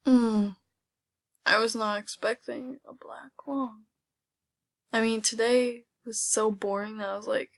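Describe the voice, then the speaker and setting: A young woman chatting casually over gameplay, excitable and often dropping into a whisper. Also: a little high, a little slow, vocal fry. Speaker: gaming video host.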